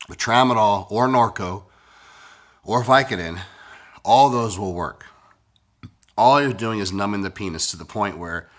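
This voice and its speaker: A man with a low voice that still has a bright, forceful edge rambles through a crude story. He sounds sick and congested, swears constantly, and talks bluntly in a casual way. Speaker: vlogger.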